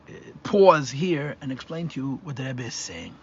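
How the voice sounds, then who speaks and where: A rabbi leads a live Torah class in a mid-range voice with big pitch swings and a moderate pace, with slight background noise. His explanations go step by step, mixing Hebrew and Yiddish terms, as he restarts and thinks aloud. The recording is dull and lo-fi.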